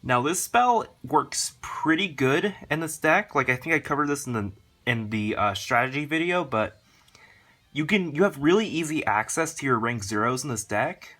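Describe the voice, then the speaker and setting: A man hosting a card game channel, talking through his deck in a rushed, rambling way, full of fillers. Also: mid-range voice, lively intonation, a bit bright. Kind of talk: casual deck walkthrough.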